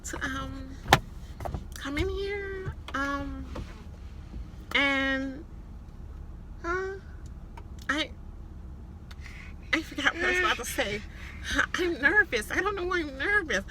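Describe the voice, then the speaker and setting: A woman's voice: sits high, expressive, pushed and bright, slight background noise, voice pushed up, full character voice. A woman mimicking a flustered young woman who stumbles over her words and admits she is nervous. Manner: halting, hesitant, trailing off.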